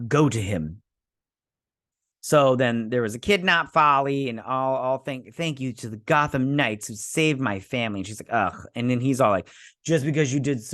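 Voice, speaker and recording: A man recaps a TV episode in a loose, rambling way, full of fillers and restarts. His tone turns sarcastic and dismissive. His voice sits at a middle pitch, and the recording is dry and close with no room sound. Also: fairly bright tone, no echo. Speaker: show reviewer host. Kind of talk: casual episode recap and review.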